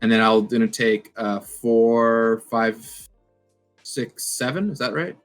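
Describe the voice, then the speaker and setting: An easygoing man talking through his card game turn on a webcam call from home, counting under his breath and musing aloud. His pitch is ordinary for a man, and the voice is plain and unforced. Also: slow pace, faint music behind. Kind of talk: casual game-play chat. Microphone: webcam video call.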